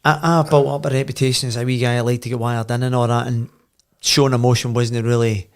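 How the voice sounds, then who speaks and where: A middle-aged Scottish man, a former footballer and podcast guest, telling animated anecdotes in casual chat. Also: medium pitch, fast talker. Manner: animated anecdotes, voice swells when telling the story.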